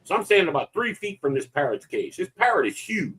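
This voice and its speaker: A man co-hosting a live cruise chat, telling a funny story in an animated, excitable way. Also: high voice, fast talker, breathy edge, low-quality recording. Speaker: podcast co-host.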